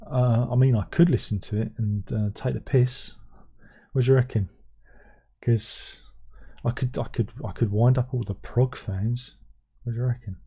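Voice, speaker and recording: A man's voice: mid-range voice, steady tone, normal speed, mellow, slightly rough. A middle-aged man hosting a casual livestream, who reads out viewer comments and hums to himself between them. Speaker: livestream host.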